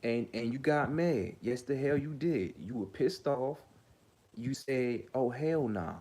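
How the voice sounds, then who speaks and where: A man's voice: mid-range voice, a little slow, a little mellow. A man hosting his own commentary vlog, ranting heatedly, stammering and repeating himself. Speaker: host.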